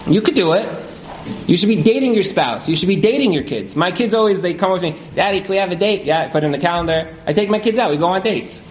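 A man speaking as a marriage counselor in a casual interview, animated, with many fillers, and acting out the couples he quotes. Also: sits high, quick pace, echoey room, rough recording.

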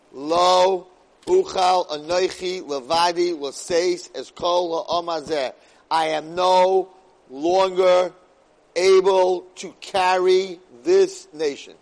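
A man with a high voice teaches a class on the weekly Torah portion. He moves between Hebrew verses and English explanation. His delivery rises to loud outbursts and drops to near whispers. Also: poor audio. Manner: dramatic, swings loud and soft, weaves Hebrew verses into English. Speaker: Torah lecturer.

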